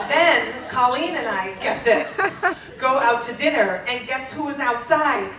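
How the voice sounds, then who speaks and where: A woman reads from her old diary on a theater stage, deadpan and often cracking up. Her voice is high and swoops around a lot, and she takes her time. She sounds a bit distant in a roomy hall, with a loud laughing audience behind her. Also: a little slow, a loud crowd, very noisy. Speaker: storyteller reading her teen diary on stage. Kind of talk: live stage reading.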